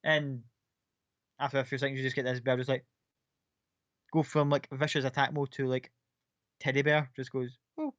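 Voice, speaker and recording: A man's voice: mid-range voice, level tone, moderate pace, pauses often, a bit bright, no room sound, muffled recording. A man running a tabletop game as game master, narrating scenes casually and with some swearing.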